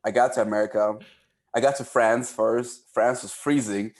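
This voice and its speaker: A man from Cameroon, a podcast guest telling casual stories in an animated way, often repeating words. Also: fairly low pitch, moderate pace. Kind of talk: casual storytelling.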